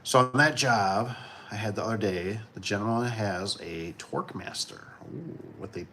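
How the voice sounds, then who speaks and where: A man from Michigan hosting a casual livestream, talking in a relaxed, rambling way and chuckling often. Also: fairly low pitch, moderate pace, a little hiss or hum. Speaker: livestream host.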